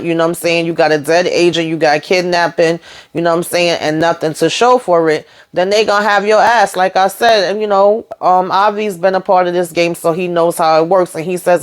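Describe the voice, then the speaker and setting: A woman's voice: low-pitched, fairly even intonation, normal speed. Chatty woman recapping a TV episode. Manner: chatty, retells scenes in quoted paraphrase; frequent fillers and tag questions. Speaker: TV recap host.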